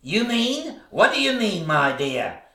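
A man plays a catty, boastful ugly stepsister in a stage pantomime, her voice swooping wildly between shrieks and low mutters as she slowly, camply drawls her jibes. Bossy and heavily acted, her delivery is camp, shrieking, teasing and sing-song with a sharp tone, ringing around an echoey stage.

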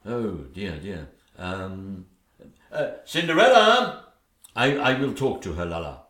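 A man's voice: medium pitch, very animated, measured pace, fairly bright tone. A man voicing a bumbling, henpecked old king with a posh, dithering manner. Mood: flustered. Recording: echoey room.

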